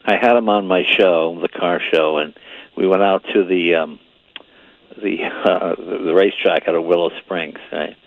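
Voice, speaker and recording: An older man telling stories in a casual chat. He rambles and repeats words, and grows animated as the story builds. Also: deep voice, normal speed, creaky, no room sound, phone-quality sound.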